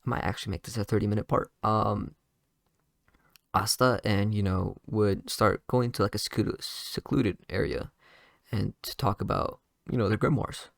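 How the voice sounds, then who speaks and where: A man's voice: on the low side, fairly even intonation, normal speed, vocal fry, no room sound, clean studio sound. A man casually improvising a fan story, rambling with lots of fillers and restarts.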